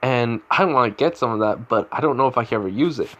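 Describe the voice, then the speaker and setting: A man's voice: medium pitch, lively intonation, quick pace, fairly bright tone, highs cut off. A man telling an improvised fan-fiction story in a rambling way, with frequent restarts and self-corrections.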